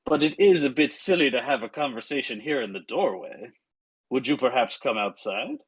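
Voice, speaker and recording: A courtly male vampire lord, put on by a game master, in a mid-range voice. He speaks slowly and silkily, polite on the surface and menacing underneath. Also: medium pitch, expressive, breathy edge. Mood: courtly menace. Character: suave, menacing aristocratic male vampire count.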